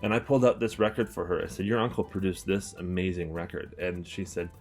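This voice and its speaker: This enthusiastic young Canadian has a low voice with a darkish tone and talks fast over soft background music. He's a record collector, store owner and channel host giving a casual album review to camera, rambling with lots of fillers and restarts.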